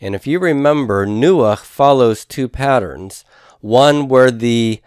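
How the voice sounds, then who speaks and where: A man's voice: medium pitch, animated, slow pace, a little mellow, smooth, no echo, clean studio sound. A man teaching a recorded lesson, explaining step by step in a patient, methodical way with frequent fillers. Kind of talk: recorded classroom lecture.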